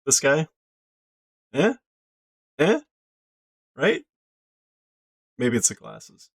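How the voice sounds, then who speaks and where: A man casually reading through a manga as a language learner, translating aloud in a slow, halting, think-out-loud way. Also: mid-range voice, huge pitch swings, creaky, breathy edge.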